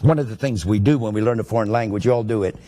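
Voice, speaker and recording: A man's voice: lowish voice, rapid-fire, mellow. A man, a pastor, teaching a sermon that explains grammar step by step and stresses his points.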